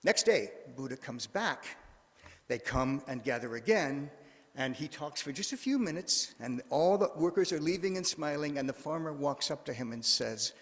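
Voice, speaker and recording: A man's voice: fairly high pitch, animated, moderate pace. Man preaching in an echoing church. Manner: conversational storytelling with restarts. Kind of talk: sermon. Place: church sanctuary. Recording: long echo of a church hall.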